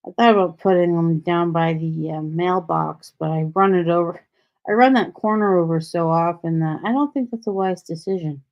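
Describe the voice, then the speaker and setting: Speaking at a normal speed in a lowish voice, this livestream host rambles on her own from home in Texas, dropping sarcastic remarks along the way. The sound has a dull, lo-fi stream quality.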